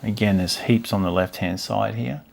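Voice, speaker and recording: A man with a lowish voice, vocal fry and a slightly mellow tone talks at normal speed while paging through an old album for his stamp collecting channel. He muses casually and is easily delighted by his discoveries, with slight background noise present.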